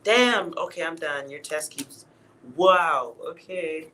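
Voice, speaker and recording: A man's voice: on the high side, expressive, slow pace, pushed and bright, slight background noise, low-quality recording. A man giving a casual, blunt tarot reading to his viewers, laughing at himself and swearing now and then. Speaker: tarot reader.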